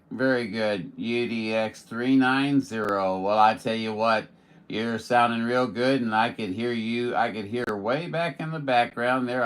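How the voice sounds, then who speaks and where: His voice sits on the low side with a slight brightness. A Missouri ham radio operator streaming contacts, he trades casual, folksy jokes with other stations.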